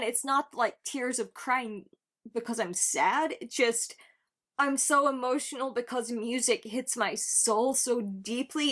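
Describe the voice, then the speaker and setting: A woman hosting a music reaction video, talking in an earnest, gushing way, with halting restarts as she searches for words. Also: on the high side, fairly bright tone. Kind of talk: casual music reaction commentary.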